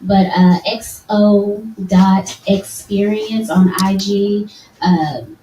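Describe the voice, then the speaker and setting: A woman co-hosting a casual podcast, playful and animated, with loud laughs and exclamations. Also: medium pitch, extremely slow. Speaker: podcast co-host. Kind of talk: casual chat. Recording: echoey room, far from mic, faint noise.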